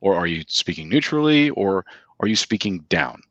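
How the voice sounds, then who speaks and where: A man's voice: low-pitched, very animated, moderate pace, fairly bright tone, no room sound, lo-fi sound. A man co-hosting a casual podcast discussion, talking in an emphatic coaching way with frequent asides. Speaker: co-host.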